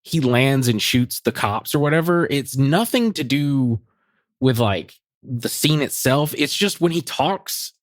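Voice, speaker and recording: A man co-hosting a podcast, chatting casually about a TV episode, relaxed and quick to laugh, hedging with "like.". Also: medium pitch, no room sound, studio quality. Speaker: podcast co-host. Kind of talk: casual chat reviewing a TV episode.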